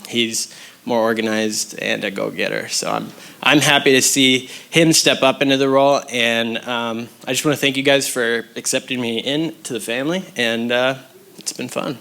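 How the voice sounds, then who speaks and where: A man makes relaxed, casual remarks from the stage. His voice is bright and forceful, and he talks in an easygoing way with plenty of filler words. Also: mid-range voice, moderate pace, creaky. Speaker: regional director introducing a successor.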